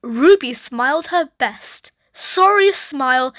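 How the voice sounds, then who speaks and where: A woman reading a children's picture book aloud with expressive, animated storytelling. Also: sits high, takes it slowly. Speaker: storybook reader.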